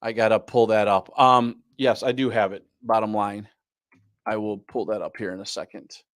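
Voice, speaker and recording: A man's voice: lowish voice, flat delivery, normal speed, a bit bright, no room sound, studio quality. A man teaching a live online class on goal planning, repeating his key points and often asking "right?". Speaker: business coach.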